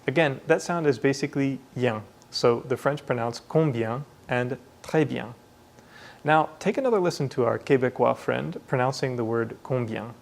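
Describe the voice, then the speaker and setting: A man at an ordinary mid pitch walks learners through a language lesson. He explains clearly and models each pronunciation carefully. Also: moderate pace. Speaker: language teacher. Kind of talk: scripted lesson narration.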